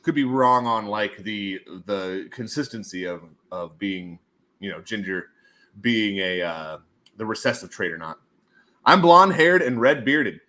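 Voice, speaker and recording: A man's voice: on the low side, expressive, unhurried, bright, forceful tone. A man hosting a casual livestream, rambling and joking and laughing often between his remarks. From United States. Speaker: livestream host.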